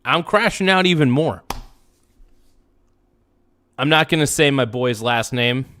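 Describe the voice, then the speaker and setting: Male streamer, mid-pitched, upset, profane, rambling rant with sudden spikes. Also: lively intonation, measured pace, pushed and bright, a little hiss or hum. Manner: heated, profane, repeats himself, swings between muttering and outbursts. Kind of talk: angry live-stream rant.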